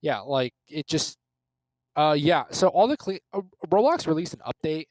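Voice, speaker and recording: A man's voice: fairly high pitch, very animated, normal speed, a little mellow, dry recording, poor audio. A young man chatting casually as a podcast guest, rambling and easily sidetracked. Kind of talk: casual chat.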